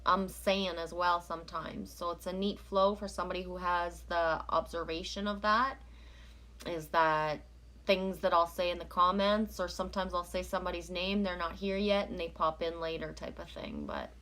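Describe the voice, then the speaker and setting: A woman's voice: fairly low pitch, normal speed, fairly bright tone. A woman from Canada chatting casually on a live stream, rambling as she reads out viewer comments and oracle cards.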